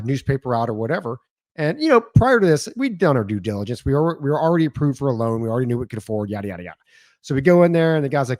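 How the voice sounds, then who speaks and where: In a casual podcast chat, a man with a medium-pitched voice tells stories with lots of energy, doing voices to act out what others said. There's no room sound on the recording.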